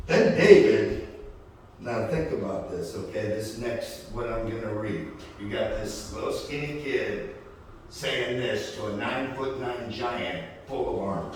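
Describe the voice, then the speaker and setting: Folksy preacher in an echoing church. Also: male voice, fairly low pitch, unhurried, a little mellow, slight background noise. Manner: folksy, conversational, keeps asking "right?" and "okay?". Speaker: pastor. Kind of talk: sermon. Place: church sanctuary. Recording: echoey church hall from far off.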